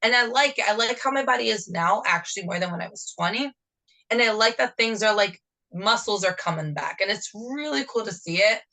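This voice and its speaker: Bright-voiced chatty New Jersey woman. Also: mid-range voice, animated, fairly quick, rough recording. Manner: chatty, rambling, jumps between topics. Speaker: podcast co-host. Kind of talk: casual chat.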